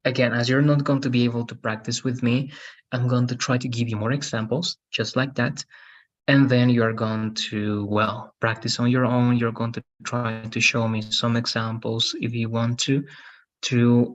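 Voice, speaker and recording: A man's voice: medium pitch, dull audio. A man teaching English grammar in a recorded online class, explaining patiently and checking in with frequent tag questions.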